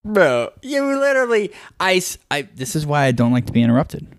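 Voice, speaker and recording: A man's voice: a little high, big pitch swings, fairly quick, no echo. Young male podcast co-host, loose rambling storyteller, dry close sound. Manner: rambling storyteller, heavy on "like" and "dude". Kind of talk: casual chat.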